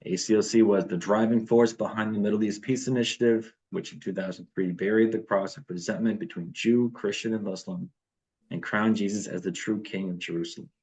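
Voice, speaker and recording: A man's voice: lowish voice, steady tone, brisk, a little mellow. A man leading a morning devotion over a video call, reading passages aloud and then talking them through with fillers and restarts.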